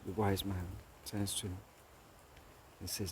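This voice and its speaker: A man with a lowish voice speaks very slowly and reflectively, hosting a solo monologue. He moves from thanks to a told parable to reading his own book aloud, jumping between topics. There is a faint background hiss. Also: level tone, a little mellow. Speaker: podcast host.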